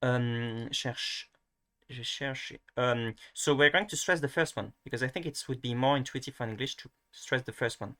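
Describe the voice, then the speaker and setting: A man's voice: medium pitch, a little fast, few pauses, fairly bright tone. A young man, teaching pronunciation in a casual, hesitant way, thinking aloud and often restarting. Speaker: language teacher.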